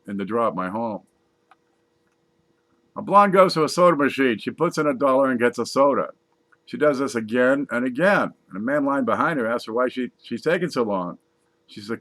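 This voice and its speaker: A man's voice: mid-range voice, expressive, brisk, fairly bright tone, dry recording. Man reading dumb jokes, chuckling. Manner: reads jokes aloud, laughs at his own punchlines, wry asides. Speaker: comedy joke reader. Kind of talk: casual joke reading.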